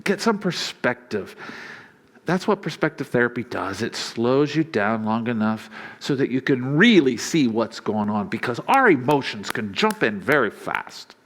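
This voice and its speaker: Male pastor, mid-pitched voice, easygoing sermon delivery with frequent chuckles and acted-out quotes. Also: unhurried. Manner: conversational and humorous, chuckling often; acts out quoted lines in a lively voice.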